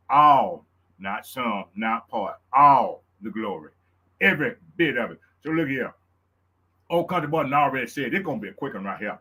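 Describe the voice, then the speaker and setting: A man with a Louisiana Southern accent hosting his own live show, hyped and preacherly, repeating lines and whooping up high. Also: pushed and bright. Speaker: show host. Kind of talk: excited live-stream talk.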